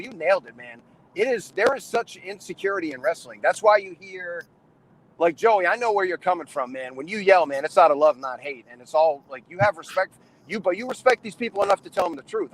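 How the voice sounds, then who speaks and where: A man's voice: sits high, brisk, a little hiss or hum, rough recording. A middle-aged man hosting a wrestling trainers' chat, casually rambling and emphatic, with frequent restarts. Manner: rambling, restarts often, calls people man and brother; animated and emphatic. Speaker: wrestling trainer and show host.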